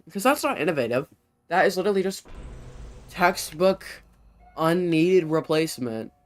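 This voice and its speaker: A man's voice: high voice, fairly quick. A young man commentating on his game, rambling and interrupting himself, short of breath. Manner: rambling, self-interrupting, animated. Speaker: gamer streamer. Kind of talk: casual gameplay commentary.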